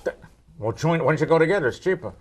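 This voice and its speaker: A man's voice: on the high side, racing. An older man from New York, a meteorologist answering viewer questions with teasing jokes. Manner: wisecracking, teasing, lively. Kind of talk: joking Q&A banter.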